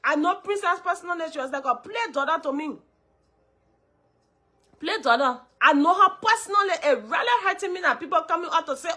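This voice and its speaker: A Liberian woman hosting a live stream, her voice hoarse from a cold yet high and bright. She talks straight to her viewers, greets them by name and drives her points home by repeating them again and again. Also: animated, moderate pace. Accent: Liberian English.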